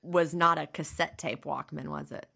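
A woman's voice: low voice, fairly even intonation, normal speed, gravelly, sharp tone, husky. A middle-aged woman co-hosting a podcast in casual chat, explaining things plainly and laughing easily. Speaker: podcast co-host.

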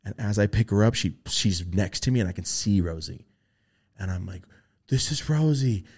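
A young male podcast host tells a story in casual chat, swearing freely and animatedly acting out quoted voices in a high pitch. He speaks a little fast, with a breathy edge.

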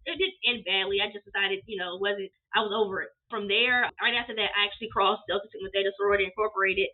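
A woman guest telling her business story in a casual interview, animated and acting out quoted dialogue. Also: mid-range voice, fast talker, few pauses. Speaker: guest, apparel business owner. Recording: tinny phone-like line.

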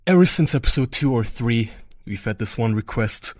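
A man hosting a podcast in casual chat, excitable and swearing a lot, swinging between loud outbursts and low mutters. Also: moderate pace, no echo, studio quality. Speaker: podcast host.

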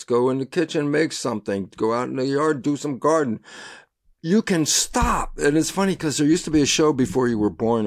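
Gravelly older man telling stories. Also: mid-range voice. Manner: animated storyteller who acts out voices and laughs at his own anecdotes. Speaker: guest. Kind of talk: casual interview storytelling.

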